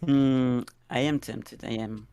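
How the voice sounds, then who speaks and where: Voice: mid-range voice, fairly even intonation, takes it slowly, gravelly, warm tone, clean tone. A player in a tabletop game, hesitant and thinking aloud. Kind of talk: casual tabletop game chat.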